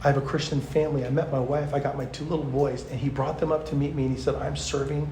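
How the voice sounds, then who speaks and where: A man, a pastor, teaching at a youth conference in a chatty, animated storytelling way, full of fillers. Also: mid-range voice, fast, a little hiss or hum. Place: large conference hall. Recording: echoey hall.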